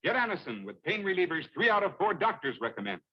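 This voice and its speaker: A punchy hard-sell ad announcer. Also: male voice, sits high, big pitch swings, quick pace, slightly rough, heavily acted. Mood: emphatic. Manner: emphatic, punchy list-making. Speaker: commercial announcer. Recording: dull lo-fi old TV ad.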